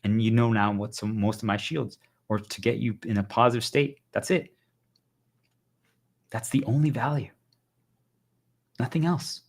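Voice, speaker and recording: A man's voice: medium pitch, moderate pace, pauses often. A male livestreamer giving an urgent, insistent motivational monologue to his viewers, hammering points home with repeated phrases.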